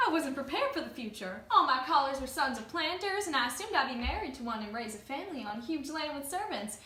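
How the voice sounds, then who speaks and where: A woman's voice: sits high, big pitch swings, fast talker, pushed and bright, full character voice. A woman playing a fussy, genteel, faded Southern mother who chatters on at length, in an amateur stage performance. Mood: gushing. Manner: gushing, talkative. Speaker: student performer. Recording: echoey room, distant mic.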